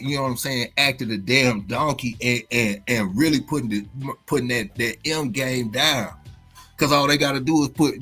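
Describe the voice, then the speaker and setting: A man's voice: medium pitch, a bit bright, slightly rough. A man hosting a casual livestream chat, rambling with many restarts and filler phrases. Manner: rambling, many restarts and "you know what I'm saying". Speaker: livestream host.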